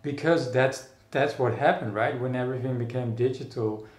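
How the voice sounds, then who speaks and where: A Dutch man with a darkish, mid-range voice muses in an echoey room. As an artist guest in a casual interview conversation, he's thoughtful and halting, with many restarts and fillers.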